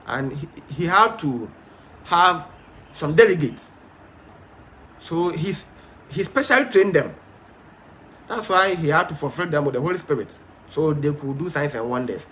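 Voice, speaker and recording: Stern, lively-pitched male Bible teacher. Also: a little hiss or hum. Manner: emphatic, stern and repetitive, with many fillers. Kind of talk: Bible study sermon.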